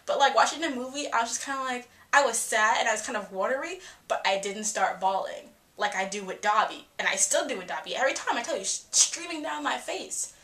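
Young woman, casual film reviewer; bright, higher voice, animated and sweary. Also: fairly quick, few pauses. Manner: animated, profane, emphatic with quoted asides.

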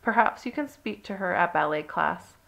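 A woman with a gravelly voice reading aloud as a kind grown-up female ballet teacher mouse, speaking gently and slowly. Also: on the low side, expressive. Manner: gentle, measured.

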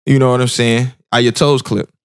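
A man's voice: mid-range voice, little pitch movement, a little fast, clean tone. A young man hosting a casual podcast, loose and joking, swearing freely as he talks. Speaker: podcast host.

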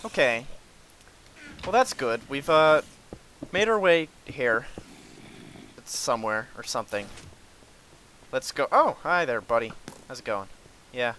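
A man giving let's play commentary, sarcastic and easily frustrated, with sudden yells at monsters. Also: mid-range voice, lively intonation, measured pace, pauses often, slight background noise. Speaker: gamer.

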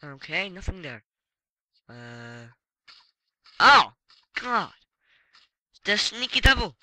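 High, bright-voiced excitable male gamer. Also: slow pace, poor audio. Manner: excitable, swearing, frequent exclamations. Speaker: let's play gamer. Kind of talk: casual gameplay commentary.

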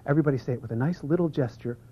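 A man presenting an instructional seminar, energetically drawing out foreign terms for the audience to repeat and sometimes dropping to a hush. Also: medium pitch, rapid-fire, husky. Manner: drops to a hush for some passages. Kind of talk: instructional seminar talk leading audience repetition. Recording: muffled lo-fi video recording.

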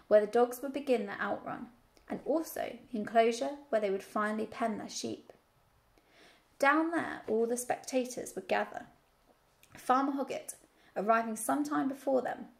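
A woman teacher reading a children's novel aloud in a steady storytelling manner. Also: a little high, vocal fry.

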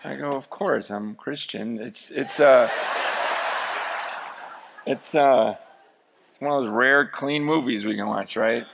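A man preaching a sermon, telling a story with lively energy that rises to shouts. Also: medium pitch, slow pace, gravelly, long pauses, slight background noise. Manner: storytelling, animated, rising to shouts. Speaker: pastor.

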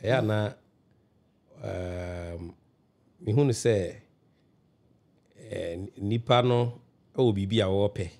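A man's voice: fairly low pitch, takes it slowly, long pauses, darkish tone. A man, a guest on a radio talk show, explaining his view at length, often restarting and checking that the listener understands. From Ghana.

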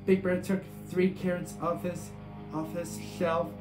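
A man's voice: high voice, little pitch movement, measured pace. Man reading a picture book in an echoey room. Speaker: storybook reader. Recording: echoey room with guitar music.

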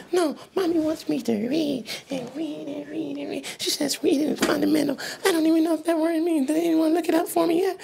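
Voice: sits high, gravelly, a little mellow, slight background noise. A performer playing a sulky little boy who whines and complains about his chores in a comedic skit. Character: grumpy little boy stuck doing chores.

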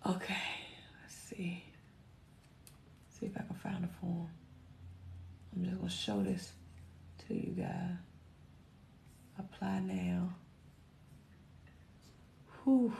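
Hoarse gravelly woman on a livestream. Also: lowish voice, level tone, slow pace, pauses often, dark tone, slight background noise. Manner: folksy, chatty, talks to herself while searching. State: hoarse, voice cracking. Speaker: host answering viewer questions. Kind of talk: casual livestream Q&A.

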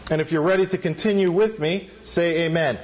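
Male pastor, high voice, emphatic preaching style, draws responses from the congregation. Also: a little fast, noisy background. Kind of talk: sermon. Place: church sanctuary.

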